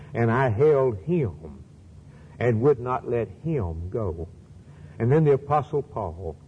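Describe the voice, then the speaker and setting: A man's voice: medium pitch, warm tone, a little hiss or hum. Guy preaching a telecast sermon, repeats lines for punch, echoey lo-fi sound. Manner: emphatic, repeating phrases for stress, quoting scripture. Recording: lo-fi broadcast with long reverb.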